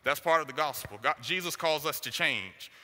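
Emphatic high-voiced male preacher, hall reverb. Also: animated, moderate pace, bright, forceful tone. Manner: emphatic, repeats short declarations. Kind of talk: sermon.

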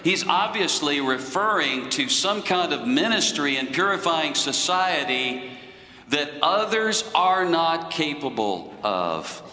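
A man preaching a sermon in a slow, deliberate teaching manner. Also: mid-range voice, sharp tone, roomy sound, big-room sound, poor audio.

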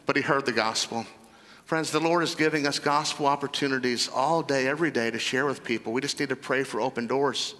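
A man's voice: mid-range voice, a little fast, fairly bright tone. A man preaching a sermon as pastor, emphatic and repeating phrases for stress. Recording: long hall reverb.

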